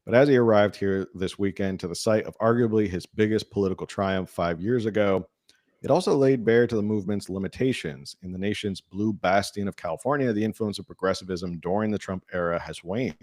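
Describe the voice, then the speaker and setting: A man's voice: on the low side, fairly quick, darkish tone, no echo, studio quality. A man hosting a casual political talk show, reading news articles aloud and adding his own asides. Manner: conversational, reads articles with asides and filler hums. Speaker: podcast host.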